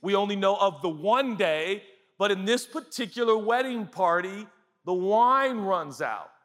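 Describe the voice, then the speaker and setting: A male pastor telling a funny wedding story in his sermon, jokey and animated, quizzing the crowd. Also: sits high, unhurried. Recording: long hall reverb.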